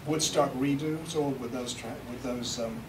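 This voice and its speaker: A man's voice: medium pitch, normal speed. A British man presenting a live seminar to an audience, chatty and joking as he demonstrates. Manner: chatty, joking, swearing lightly. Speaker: seminar presenter, recording engineer. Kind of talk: live seminar talk and demo. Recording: echoey room from far off, with background noise.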